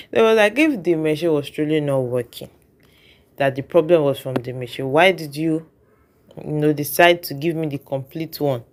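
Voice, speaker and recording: Chatty commentator, mid-pitched voice. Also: normal speed. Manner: reflective, chatty, keeps checking in with the viewer. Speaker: reaction vlogger. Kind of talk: casual commentary.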